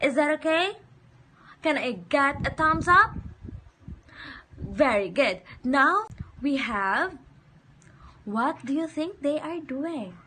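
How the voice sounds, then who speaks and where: A woman with a high, bright voice leads young children through a phonics lesson, speaking very slowly. She says each word, then repeats it for the class to echo. There is a faint hiss behind her. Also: lively intonation. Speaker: teacher.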